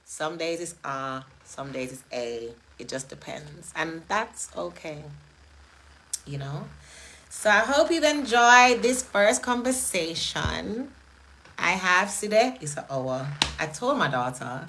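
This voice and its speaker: A middle-aged woman, hosting and talking casually in a chatty, animated way, laughing often. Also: on the low side, slow pace, slight background noise, rough recording. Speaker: event host. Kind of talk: casual monologue.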